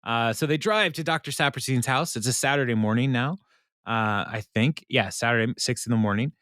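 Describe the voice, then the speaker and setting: A man's voice: medium pitch, a little fast, fairly bright tone, clear, resonant tone, no echo, studio quality. A man co-hosting a podcast, casually recapping a TV episode with lots of fillers and frequent laughter. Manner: rambling, filler-heavy, laughs often. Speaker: podcast co-host.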